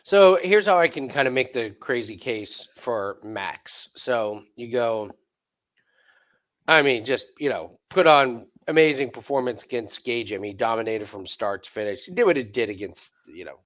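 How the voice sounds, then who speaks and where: A man co-hosting a sports betting show, talking through fight picks in loose, rambling casual chat full of restarts and quick asides. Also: mid-range voice, animated, a bit bright. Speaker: betting podcast co-host.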